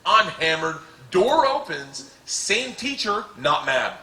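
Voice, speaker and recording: A man in his forties telling a story in a stand-up routine, laughing through it and shouting his punchlines. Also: high-pitched, big pitch swings, slow pace. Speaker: stand-up comedian. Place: stage before a live audience. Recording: roomy live recording from a distance, audience noise.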